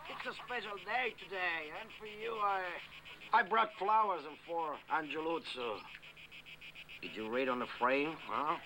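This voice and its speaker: An actor playing a cheerful, persistent suitor who coaxes a widow, in a dubbed film. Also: male voice, a little high, a little slow, natural voice. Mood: coaxing. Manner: coaxing, wheedling. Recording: noisy film soundtrack.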